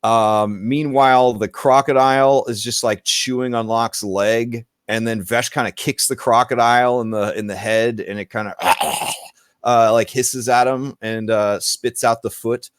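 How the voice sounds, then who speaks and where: A man narrating a tabletop game as game master in a relaxed, rambling way with many fillers. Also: mid-range voice, moderate pace, hardly any pauses, clean tone, no room sound, clean studio sound.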